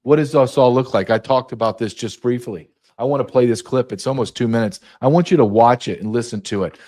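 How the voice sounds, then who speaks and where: A man's voice: medium pitch, brisk, dark tone. A man in his fifties hosting a political commentary show, ranting with blunt sarcasm. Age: 50s. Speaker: host.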